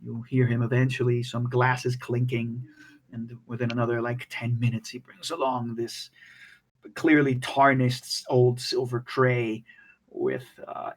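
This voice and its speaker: A man narrating as game master of a tabletop game, in a halting way with many fillers and restarts. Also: mid-range voice, slight background noise, rough recording.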